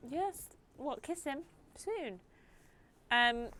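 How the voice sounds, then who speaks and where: A woman's voice: high voice, expressive, moderate pace. A young woman streaming a video game and chatting casually, opinionated and rambling with frequent asides. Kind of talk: casual live-stream chat while gaming.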